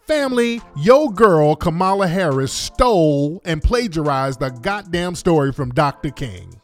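A man hosting a commentary show, scornful and animated, drawing out and sing-songing his words. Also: on the high side, measured pace, faint music behind. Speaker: host.

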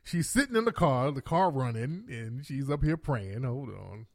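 Animated, cursing man commentator. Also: medium pitch, moderate pace. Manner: animated, profane, laughing asides. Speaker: commentary host. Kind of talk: casual commentary.

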